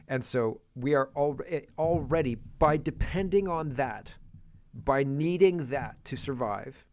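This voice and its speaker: A man's voice: medium pitch, unhurried, a little mellow, a little hiss or hum. A Canadian man hosting a podcast, talking casually and rambling through opinions with frequent restarts. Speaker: podcast host. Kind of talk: casual political commentary.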